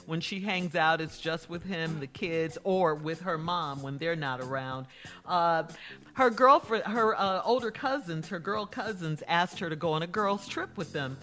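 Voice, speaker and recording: A woman co-hosting morning radio, recapping a listener's letter and prompting the others for their take. Her voice is bright and clear, she laughs readily, and soft music runs behind her. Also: fairly low pitch, expressive, unhurried. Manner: laughs often, prompts co-hosts.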